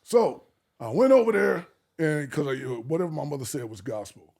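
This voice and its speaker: A man from Arkansas telling an animated life story as a podcast guest, acting out the people he quotes and swearing freely. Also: on the high side, normal speed, gravelly. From Arkansas, USA.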